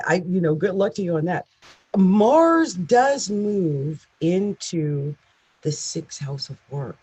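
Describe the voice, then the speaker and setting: A woman's voice: mid-range voice, a little mellow, husky, rough recording. A woman astrologer giving a casual, chatty horoscope reading with emphatic asides. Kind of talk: casual monthly horoscope talk.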